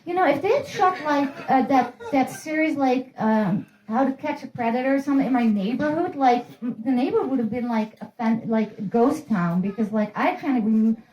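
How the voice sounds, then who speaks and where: A woman's voice: sits high, expressive, a little fast, hardly any pauses, a little mellow, dull audio. A woman rambles through crude, self-mocking stand-up stories. Her talk is loose and profane, full of restarts. The room around her is roomy and echoey. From Netherlands. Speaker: stand-up comedian. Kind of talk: casual stand-up storytelling. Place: room in a private house. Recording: roomy echo.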